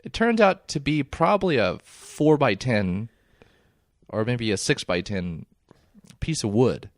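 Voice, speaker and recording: A man co-hosting a podcast in casual chat, animated and laughing often, trailing off mid-sentence. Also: medium pitch, unhurried, no room sound, clean studio sound. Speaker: podcast co-host.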